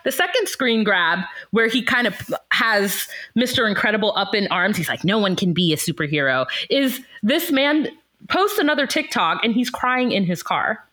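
A woman's voice: on the high side, animated, normal speed, sharp tone. A young woman co-hosting a podcast, telling a story in casual chat with lots of laughter. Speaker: podcast co-host.

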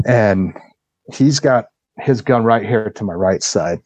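Husky low-voiced man telling a story. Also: slow, darkish tone, no room sound, rough recording. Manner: vivid retelling, swears freely, acts out the voices of others. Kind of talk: casual storytelling.

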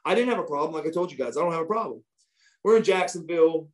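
Guy swearing his way through old wrestling stories, kinda high-pitched voice, guest on a chat show. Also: racing. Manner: profane, animated storytelling. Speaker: interview guest, former wrestler. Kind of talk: casual storytelling interview.

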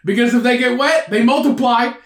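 A man's voice: extremely high pitch, fairly quick, reverberant. A man co-hosting a podcast, telling a profane, rambling story in casual banter and laughing often. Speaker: podcast co-host. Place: room indoors.

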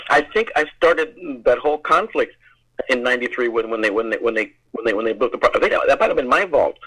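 A man's voice: medium pitch, lively intonation, brisk, bright, forceful tone, breathy edge, low-quality recording. An American man, a guest actor, telling rambling stories in an interview, repeating words and laughing often. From United States. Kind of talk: casual interview storytelling.

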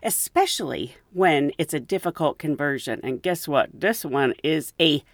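A woman hosts a podcast and tells her stories with a lively, swooping voice. She laughs as she goes. The sound is close and dry, with no room around her. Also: sits low, normal speed, no echo. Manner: animated, laughs often while telling stories. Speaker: podcast host. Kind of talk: casual storytelling.

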